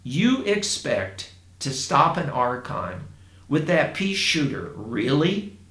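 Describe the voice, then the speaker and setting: A woman's voice: low-pitched, very animated, takes it slowly, voice pushed down, heavily acted. A man voicing a wry, knowing young woman who teases in a whisper. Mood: teasing. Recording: roomy echo.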